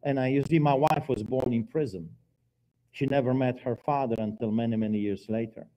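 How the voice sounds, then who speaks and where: A man preaching his personal testimony in a church, telling the story dramatically with emphatic swings in loudness. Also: mid-range voice, a little fast, a little hiss or hum. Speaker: guest preacher giving testimony. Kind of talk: testimony sermon.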